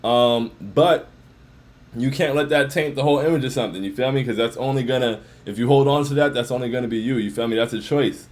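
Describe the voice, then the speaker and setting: A man's voice: mid-range voice, fairly quick. A man hosting a livestream in casual, slangy chat, repeating phrases as he talks. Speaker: livestream host.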